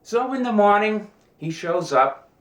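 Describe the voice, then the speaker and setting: A man telling jokes in a casual, animated way, in a fairly roomy recording. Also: high voice, measured pace. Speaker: joke teller. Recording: roomy echo.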